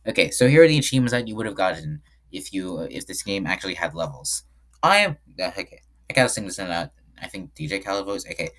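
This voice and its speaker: A man's voice: deep voice, big pitch swings, fast, a bit bright. A man giving casual screen-share commentary on his own game, rambling and often correcting himself mid-sentence. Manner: rambling, frequent self-corrections. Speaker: game developer.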